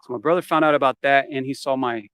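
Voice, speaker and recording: A man's voice: medium pitch, fairly even intonation, quick pace, fairly bright tone, clean tone. A man telling a story from his past in a casual interview. He swears freely and acts out the quoted lines as he goes. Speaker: interview guest.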